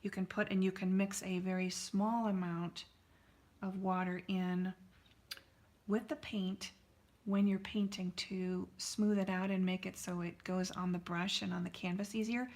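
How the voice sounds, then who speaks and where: A woman's voice: medium pitch, level tone, unhurried, darkish tone. A woman artist hosting a live painting stream, chatting casually and answering viewers' comments with lots of fillers.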